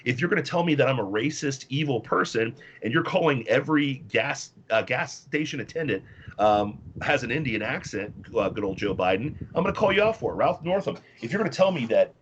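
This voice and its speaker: A man's voice: medium pitch, lively intonation, fairly quick, highs cut off, slight background noise. A man from the US Midwest, a guest on a talk show, ranting bluntly and combatively about politics. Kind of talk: casual political chat.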